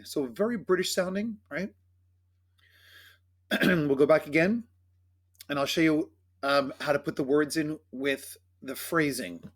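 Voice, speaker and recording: A man teaching choir singers the words and phrasing of a carol, explaining pronunciation and singing short phrases to demonstrate. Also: fairly high pitch. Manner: coaching diction, speaking then singing phrases slowly. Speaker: choir director. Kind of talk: choral rehearsal instruction with sung demonstrations.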